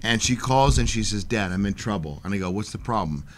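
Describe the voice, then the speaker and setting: Man, middle-aged, radio guest, low pitch, acts out quotes, light background noise. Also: a little fast. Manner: animated storyteller, acts out quotes in a raised voice. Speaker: guest artist. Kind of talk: casual interview chat.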